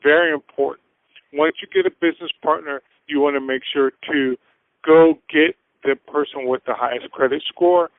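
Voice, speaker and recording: A man with a fairly high voice gives earnest, casual business advice as a radio guest. His voice comes through thin and boxy like a phone line, with no room echo. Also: fairly even intonation, moderate pace. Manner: earnest, acts out little scenes in voices. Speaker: finance guest. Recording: tinny phone-like dry sound.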